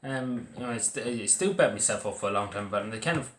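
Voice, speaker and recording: A young man with an Irish accent talks to camera in a casual, halting way, stopping and restarting often. His voice sits low, and the recording carries a roomy echo. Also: expressive, a little hiss or hum. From Ireland. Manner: halting, full of fillers and restarts. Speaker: vlogger. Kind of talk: casual personal talk to camera. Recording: echoey room.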